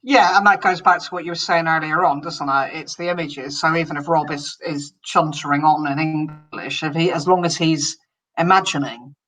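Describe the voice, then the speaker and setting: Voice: mid-range voice, normal speed, fairly bright tone, poor audio. An interviewer reading out listener questions and reacting with friendly encouragement. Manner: friendly, encouraging, laughs easily.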